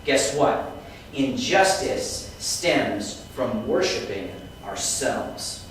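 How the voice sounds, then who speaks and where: A man teaching a Bible lesson to students, lively and quizzing the class with questions. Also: mid-range voice, drawn-out words. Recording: echoey room, mic far off, faint noise.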